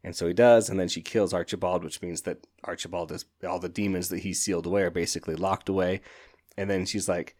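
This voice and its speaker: A man hosting a podcast, chatting casually and excitedly about books in a rambling way, often laughing. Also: low-pitched, fast. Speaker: podcast host. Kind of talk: casual book review chat.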